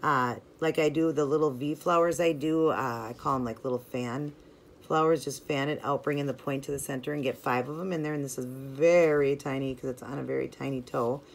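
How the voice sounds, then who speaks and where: Low-voiced woman chatting through a tutorial. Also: fairly even intonation, a little fast, gravelly. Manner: chatty and friendly, filler-heavy ("like", "you know"); instructive, talks while working hands-on. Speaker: nail art channel host. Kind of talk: casual step-by-step tutorial narration.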